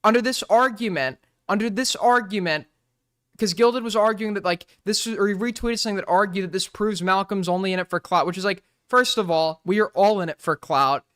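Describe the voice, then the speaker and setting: A man's voice: sits high, a little fast, a bit bright, no room sound, clean studio sound. A man with a New York accent from Long Island, ranting profanely and sarcastically in casual livestream commentary. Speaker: streamer reacting to drama.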